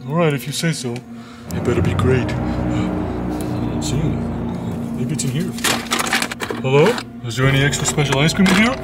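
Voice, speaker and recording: A man's voice: medium pitch, brisk, pauses often, over loud music. A man voicing a naive, candy-loving male creature over game footage, eager and giggly. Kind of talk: playful character voicing over gameplay.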